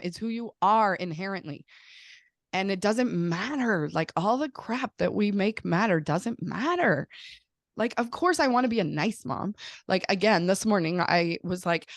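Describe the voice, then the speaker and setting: A woman who is a mother, hosting a podcast in casual chat, talking fast with lots of "like" and animated storytelling. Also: on the low side, no echo, clean studio sound. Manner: chatty, says "like" often, animated storytelling. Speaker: podcast host; mother of young children.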